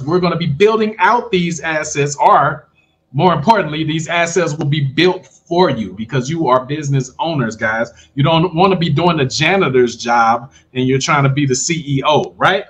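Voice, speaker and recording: A man's voice: a little high, low-quality recording. Upbeat man with a raised voice. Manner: casual, upbeat, keeps addressing viewers as guys. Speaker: online business coach. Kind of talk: screen-share tutorial pitch.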